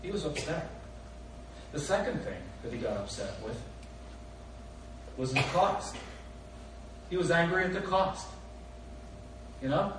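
A man preaching a sermon, his voice a touch higher than most, with animated rhetorical questions and voices for the people in the story. The sound is heavily echoey and picked up from a distance, with a faint noise underneath. It reads like a church recording. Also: measured pace, long pauses. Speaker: pastor. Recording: echoey hall recorded from far off.

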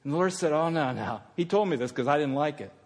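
A male pastor preaching a sermon, swinging from loud fervent passages to hushed, intimate ones. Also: a little high, very fast, long reverb tail.

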